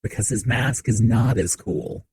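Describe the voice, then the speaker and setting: A man streaming a game from a home setup, chatting with viewers in a relaxed, joking way into a desk mic. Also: on the low side, unhurried, slight background noise, low-quality recording. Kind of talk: casual game commentary. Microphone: desk mic on shock mount.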